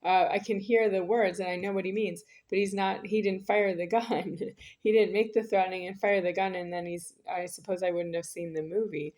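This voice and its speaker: A woman's voice: medium pitch, fairly even intonation, normal speed, a little mellow. A woman talking in a rambling spoken monologue, insistent and circling back over the same phrases.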